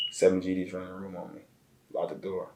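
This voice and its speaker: A man from Chicago, a guest telling a personal story in a halting, emotional way, often repeating words. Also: deep voice, a bit bright. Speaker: interview guest. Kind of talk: casual storytelling. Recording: echoey room.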